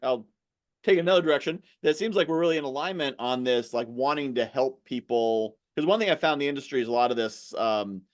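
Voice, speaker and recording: A man hosting a podcast interview, chatting casually and acting out pushy sales pitches in exaggerated voices. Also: brisk. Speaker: podcast host.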